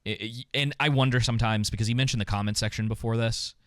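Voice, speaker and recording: A man's voice: medium pitch, fairly even intonation, quick pace, a bit bright, no echo, clean studio sound. A man co-hosting a podcast, thinking aloud in a casual reaction chat. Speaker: podcast co-host.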